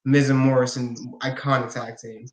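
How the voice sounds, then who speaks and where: A man's voice: mid-range voice, little pitch movement, moderate pace. A man being interviewed as a guest wrestler, talking casually, earnest and enthusiastic. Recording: roomy echo.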